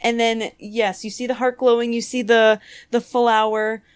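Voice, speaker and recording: Woman cohost gushing over a movie, bit higher voice, laughs a lot. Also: flat delivery, moderate pace, clean tone. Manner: gushing, laughs often, says "like" and "dude". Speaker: podcast co-host. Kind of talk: casual movie-rewatch chat.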